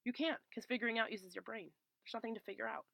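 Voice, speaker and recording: A woman's voice: on the high side, fast, vocal fry, fairly bright tone, no echo. A woman co-hosting a podcast in casual chat, talking emphatically, swearing freely and building lists as she goes. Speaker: podcast co-host.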